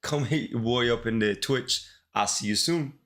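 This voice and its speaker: Coding on a livestream, a man with a Caribbean accent keeps up relaxed, slang-filled chat aimed directly at his viewers. His voice is mid-range and a bit bright, at a moderate pace.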